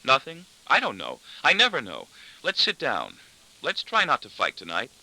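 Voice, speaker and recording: A man's voice: medium pitch, wildly swooping pitch, moderate pace, bright, forceful tone, voice pushed up, exaggerated voice, low-quality recording. A man doing a weary pleading wife. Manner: pleading, plaintive. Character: weary nagging wife, woman, middle-aged.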